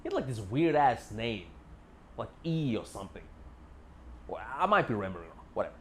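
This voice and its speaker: A man's voice: mid-range voice, sing-song, a little fast, fairly bright tone, slight background noise. A young man telling a story casually, boastful and full of swearing, rambling with fillers. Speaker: vlogger.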